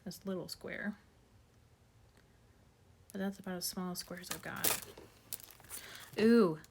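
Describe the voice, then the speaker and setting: A woman streaming her card making from home, thinking aloud and muttering softly to herself as she sorts through supplies. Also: on the low side, takes it slowly, vocal fry, slight background noise. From United States. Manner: muttering to herself while sorting supplies, soft asides. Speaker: craft streamer. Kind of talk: casual craft livestream chat.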